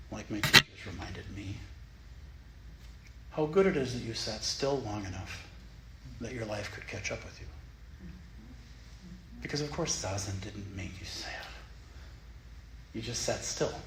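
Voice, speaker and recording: Zen teacher, male, lively pitch swings, playful; echoey hall with faint ambience. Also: a little hiss or hum. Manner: animated, playful, self-mocking. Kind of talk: dharma talk. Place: meditation hall of a Zen center.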